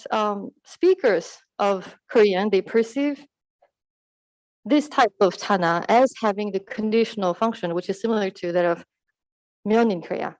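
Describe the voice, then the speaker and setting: A woman's voice: mid-range voice, darkish tone, dry recording, poor audio. Woman giving a dry academic talk. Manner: explanatory, with fillers and self-corrections. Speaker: conference presenter. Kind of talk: academic conference presentation.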